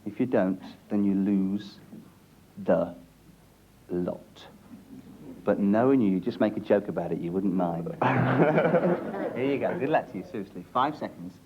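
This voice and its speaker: A man's voice: on the low side, unhurried, long pauses. A man hosting a TV game show in a studio with an audience, teasing the contestants and cracking jokes. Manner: teasing, jokey, animated. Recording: lo-fi early 90s TV broadcast, audience noise.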